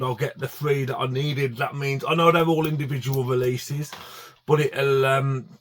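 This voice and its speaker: A man chatting casually to camera about his DVD collection, enthusiastic and full of fillers and restarts. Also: mid-range voice.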